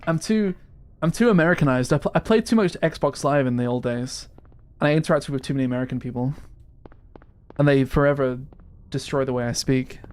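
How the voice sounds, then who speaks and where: A man's voice: mid-range voice, brisk, darkish tone, clear, resonant tone. A young man with an English accent talks casually while streaming a horror game. He chats loosely and laughs often, poking fun at himself. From England. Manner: chatty, laughs often, self-deprecating. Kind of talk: casual gaming stream chat.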